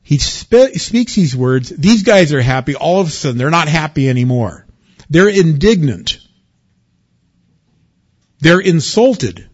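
A man preaching a sermon with lively swings from loud excitement to quiet warning. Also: on the high side, moderate pace, few pauses, muffled recording. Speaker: pastor.

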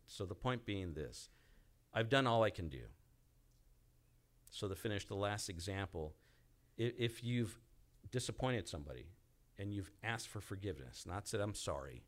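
Man, pastor, conversational sermon, lowish voice, acts out quotes. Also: expressive, moderate pace, long pauses, fairly bright tone. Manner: conversational, repeats and restarts, acts out quoted pleas.

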